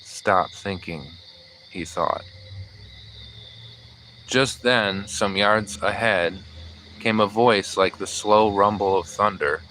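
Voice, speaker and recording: A man narrating an audiobook in a measured, even storytelling manner. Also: on the low side, slight background noise, low-quality recording. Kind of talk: scripted narration.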